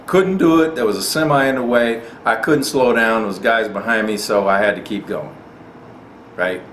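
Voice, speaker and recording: A man's voice: lowish voice, normal speed, fairly bright tone. Indignant man ranting in an echoey room. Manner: indignant, repeats lines for emphasis. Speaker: gun rights channel host. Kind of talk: impassioned commentary. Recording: echoey room with faint noise.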